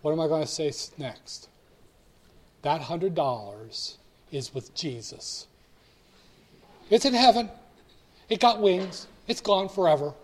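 A man's voice: on the high side, animated, takes it slowly, pauses often. A man lecturing on finance in a blunt, theatrical way, acting out little dialogues. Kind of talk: recorded lecture.

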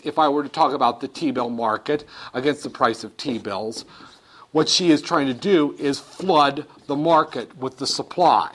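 A male economics instructor lecturing in an animated, blunt way, with jokey asides. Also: a little high. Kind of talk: lecture with acted-out role-play.

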